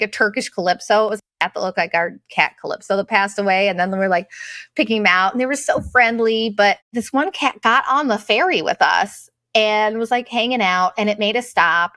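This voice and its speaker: A woman, telling travel stories as a host in a loose, chatty monologue. She swears freely and talks with animated energy, at a middle pitch. The recording is close and dry, with no room sound. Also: dry recording. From US Midwest. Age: 40s. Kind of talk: casual travel storytelling monologue.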